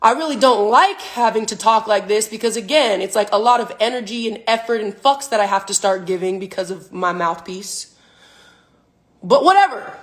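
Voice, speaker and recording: A woman's voice: medium pitch, animated, normal speed. A woman in her twenties, a professional athlete, ranting emphatically and profanely on a phone livestream. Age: 20s. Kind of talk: livestream rant.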